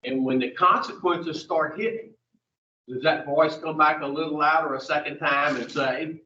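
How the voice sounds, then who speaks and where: A man's voice: on the high side, normal speed, sharp tone, a little hiss or hum. A man leading an addiction recovery group, blunt and profane, firing questions at his listeners. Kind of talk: blunt group teaching session. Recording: dull echoey room, mic far off.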